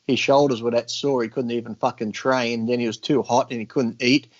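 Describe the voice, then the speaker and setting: A man's voice: medium pitch, fairly even intonation, fairly quick. Blunt, profane man talking casually. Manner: blunt, profane, crude jokes and mocking voices. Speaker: podcast guest. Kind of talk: casual podcast chat. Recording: slightly dull lo-fi audio.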